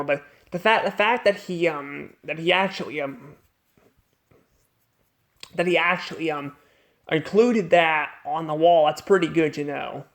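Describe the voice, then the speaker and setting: Male cartoon reviewer, slightly high voice, unscripted, halting delivery full of restarts. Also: pushed and bright. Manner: rambling, halting, many restarts and repeated words.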